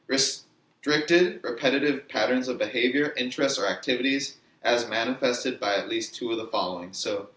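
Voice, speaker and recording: A man's voice: lowish voice, a bit bright. A man co-hosting a casual chat, earnestly explaining a list with fillers. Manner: earnest, reads out lists with fillers. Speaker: podcast co-host. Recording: echoey room with faint noise.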